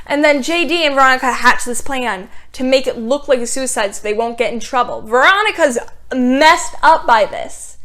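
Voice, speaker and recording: A woman's voice: high voice, normal speed, sharp tone. Sarcastic young woman reviewing a show. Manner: sarcastic, exasperated recapping with many "like"s. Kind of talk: casual TV review.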